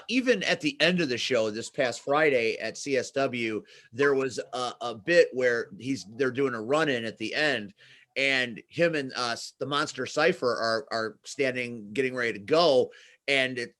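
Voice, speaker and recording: Male host, mid-range voice, talky and animated, casual interviewer. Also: mid-range voice, normal speed. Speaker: podcast host.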